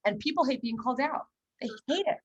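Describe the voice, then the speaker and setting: A woman's voice: high voice, fast, breathy edge, highs cut off. A young woman chatting casually on a podcast, telling blunt stories and acting out the quotes. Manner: blunt, animated storytelling with acted-out quotes. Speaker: podcast co-host. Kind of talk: casual chat.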